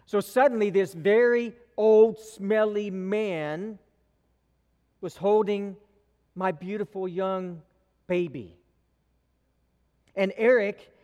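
A man preaching a sermon in a church, telling a story with slow dramatic pauses. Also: sits high, a little mellow. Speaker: pastor. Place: church sanctuary. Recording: long reverb of a large church hall.

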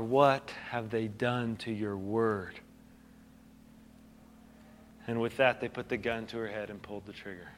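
At medium pitch, a man delivers a sermon as a pastor, telling a story through sudden quiet drops and rising questions. He frequently repeats himself and restarts phrases.

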